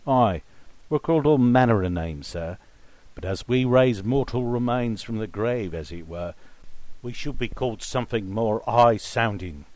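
A man voicing a menacing male grave-robber leader who talks in rough thieves' slang. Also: mid-range voice, lively intonation, normal speed, darkish tone, dry recording, natural voice. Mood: sly.

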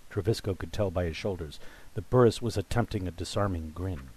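A man reading a story aloud in steady, measured scripted narration. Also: deep voice, husky. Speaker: audiobook narrator.

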